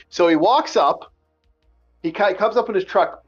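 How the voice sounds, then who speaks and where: A man hosting a podcast, telling a story in an animated, profane, casual way and acting out the dialogue. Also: high-pitched, unhurried, long pauses, faint music behind. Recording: dull lo-fi recording.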